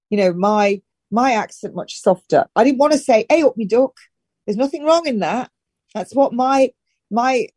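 Mellow-voiced woman giving brisk advice. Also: on the high side, no room sound, clean studio sound. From northern England. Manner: direct and emphatic, with brisk instructions. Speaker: health and wellness guest. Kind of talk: casual advice-giving interview talk.

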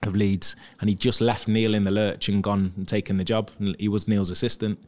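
A man's voice: lowish voice, a little fast. A man, a former professional footballer, chatting casually as a guest about his career and acting out what others said. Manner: chatty, animated, acts out quotes from others. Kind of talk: casual interview storytelling.

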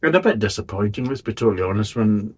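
Husky, blunt, swearing beer reviewer man. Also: on the low side, lively intonation, quick pace, darkish tone. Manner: blunt, swears, rambling and exasperated. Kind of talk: casual spoken review.

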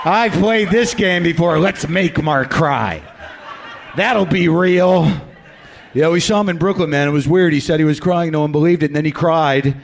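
A man's voice: fairly high pitch, moderate pace, noisy background. A man hosting a live comedy podcast in front of an audience, ranting in a profane, self-deprecating way. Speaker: host. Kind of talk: live stand-up podcast monologue.

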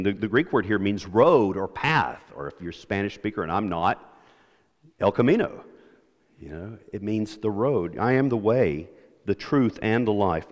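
Man preaching in an echoing church. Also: mid-range voice. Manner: animated, conversational preaching with emphatic repetition. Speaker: pastor. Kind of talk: sermon. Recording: long hall reverb.

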